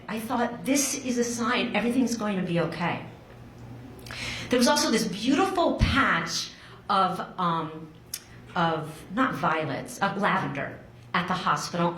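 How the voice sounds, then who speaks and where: A middle-aged woman telling a personal story to a live audience in a chatty, animated way, jumping high in pitch when she acts out what people said. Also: slight background noise. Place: stage before a live audience. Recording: roomy live stage sound with faint ambience.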